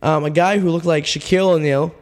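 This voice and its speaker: A male radio host, telling a rambling, deadpan absurd story full of fillers, his voice getting worn. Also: on the high side, fairly quick, big-room sound. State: losing his voice. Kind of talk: casual storytelling monologue.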